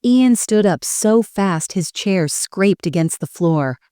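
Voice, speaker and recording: A middle-aged woman narrating a first-person family story in a steady, dramatic storytelling manner. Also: medium pitch, slow pace, clean tone, no room sound, studio quality.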